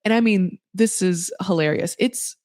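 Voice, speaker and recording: A woman's voice: lowish voice, moderate pace, darkish tone, dry recording. A woman hosting a podcast, recapping a reality TV show in a chatty, sarcastic, freely swearing way with plenty of fillers. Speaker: podcast host.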